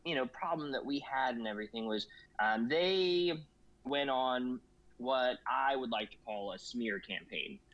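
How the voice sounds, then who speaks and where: A man with a mid-range, fairly bright voice talks unhurriedly as a guest in a casual discussion, rambling and packing every phrase with "you know". The lo-fi audio sounds slightly dull.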